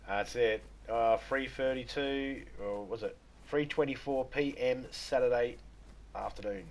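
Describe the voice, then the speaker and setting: A man's voice: medium pitch, a little slow. An Australian man from Western Australia chatting casually on a live stream, rambling, joking and laughing often.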